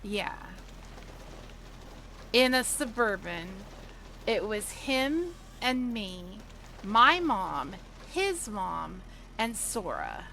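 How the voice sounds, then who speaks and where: A woman's voice: mid-range voice, very animated, very slow, creaky, long pauses, sharp tone, a little hiss or hum, poor audio. A woman livestreamer chatting casually with viewers while gaming, telling stories and laughing often.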